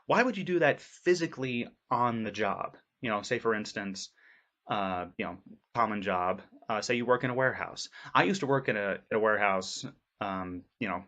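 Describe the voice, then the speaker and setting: A man with a bright, forceful voice talks loosely and earnestly, full of "you know" and "uh". His voice comes through a dull, lo-fi recording. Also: fairly low pitch. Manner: rambling, filler-heavy, earnest. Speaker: voice actor vlogger. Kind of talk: casual vlog advice.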